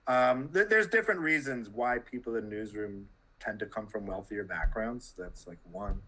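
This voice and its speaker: A man's voice: fairly low pitch, moderate pace, sharp tone, slight background noise, low-quality recording. A Canadian man, a journalist, talking as an interview guest in a loose, rambling way full of "like" and restarts. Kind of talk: casual interview conversation.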